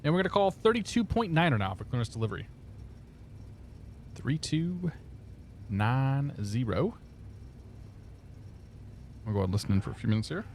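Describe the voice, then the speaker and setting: A man's voice: medium pitch, big pitch swings, moderate pace, pauses often, a little mellow, a little hiss or hum. Chatty man streaming a flight sim. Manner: chatty, laughs often, talks through cockpit steps. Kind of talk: casual live-stream chat.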